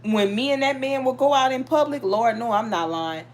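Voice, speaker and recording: A middle-aged woman hosting a live chat, telling stories in a lively, animated way and talking straight to her viewers. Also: on the high side, normal speed. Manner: animated, storytelling, talks to viewers. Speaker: livestream host reading tarot.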